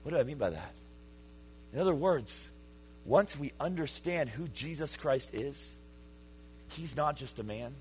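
A man pastor preaching a sermon, swinging between hushed, quiet passages and loud, shouted peaks. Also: fairly high pitch, animated, unhurried, long pauses, a little hiss or hum.

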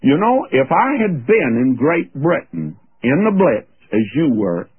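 A man's voice: mid-range voice, sing-song, measured pace, few pauses, husky, dry recording. Folksy preacher man on tinny radio. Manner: folksy, anecdotal and emphatic. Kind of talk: radio Bible teaching sermon.

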